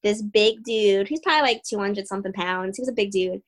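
A young woman, a fighter, telling stories in a casual interview, animated, laughing often and acting out what people said. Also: medium pitch, brisk, rough recording. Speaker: guest fighter.

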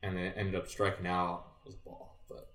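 A former college baseball player in his twenties, a podcast guest, tells a sports story in casual chat with a low-pitched, brisk voice. He's animated, acting out what he said back then and filling his talk with "like." The room is echoey and he sits distant from the mic.

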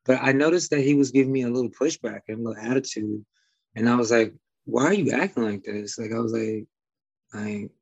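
A man's voice: medium pitch, steady tone, a little fast, a little mellow, dry recording, lo-fi sound. A man from Detroit with a slight Midwest twang, a guest talking casually and rambling with many fillers and restarts. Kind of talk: casual conversation.

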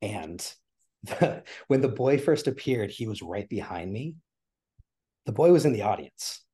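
A man with a deep, slightly husky voice speaks as a podcast guest. He talks with earnest, emotional energy, his voice catching as he is choked up. His words tumble out with restarts as he tells a personal story. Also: expressive, a little slow, warm tone. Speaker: podcast guest, theater producer. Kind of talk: conversational interview.

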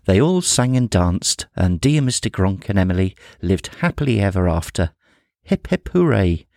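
A man reading a humorous children's story aloud in a playful, expressive way. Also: deep voice, normal speed, no room sound, studio quality.

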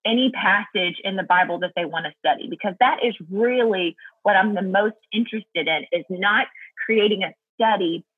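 A woman's voice: mid-range voice, moderate pace, husky, no room sound, narrow, tinny audio. A woman guest talking earnestly and thoughtfully about Bible study in a casual faith chat, laughing easily.

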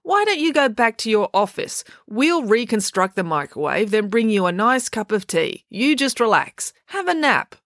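A woman's voice: a little high, big pitch swings, normal speed, hardly any pauses, fairly bright tone, dry recording, studio quality, pitched above the performer's own voice. A woman voicing a nervous boy who coaxes and placates. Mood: coaxing. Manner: coaxing, nervous.

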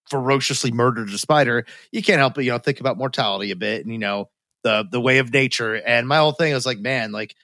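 Male podcast co-host, mid pitch, dry close mic, loose rambling delivery with lots of swearing. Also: a bit bright, no echo. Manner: rambling, profane, self-deprecating. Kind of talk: casual chat.

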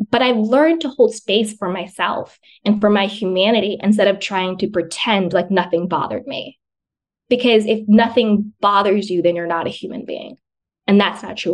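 A woman's voice: medium pitch, a little mellow. A woman guest on a podcast, talking earnestly about self-love and often repeating phrases for emphasis. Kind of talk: conversational self-help advice.

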